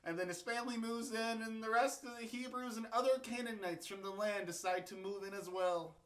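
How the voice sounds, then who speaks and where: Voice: mid-range voice, fairly quick. A video host retelling a bible story and history in a casual, irreverent, crude, rambling way.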